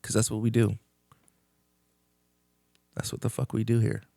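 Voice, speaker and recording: A man's voice: fairly low pitch, monotone, unhurried, gravelly, warm tone, no room sound. A man hosting a podcast, talking in a rambling, candid casual monologue and swearing freely. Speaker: podcast host.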